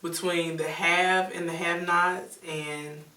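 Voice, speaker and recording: A woman chatting casually on a panel, animated and joking as she talks about family. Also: on the low side, slow. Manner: animated, joking, laughs often. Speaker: co-host. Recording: echoey room, mic at a distance.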